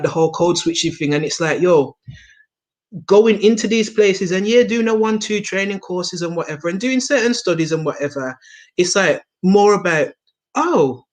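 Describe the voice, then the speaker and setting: A woman from England, a guest in a casual conversation, talking in an animated, slangy way with lots of fillers. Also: sits low. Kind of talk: casual video chat.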